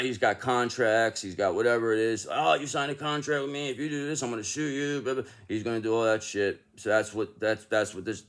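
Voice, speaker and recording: Rambling, emphatic man reading tarot. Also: mid-range voice. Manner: rambling and emphatic, with frequent restarts and swearing. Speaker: tarot reader. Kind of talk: casual spoken tarot reading.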